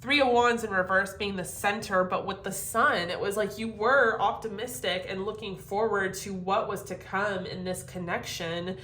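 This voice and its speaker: A woman giving a casual tarot reading to camera, animated and profane, laughing often. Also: mid-range voice, moderate pace, hardly any pauses, roomy sound. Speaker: tarot reader.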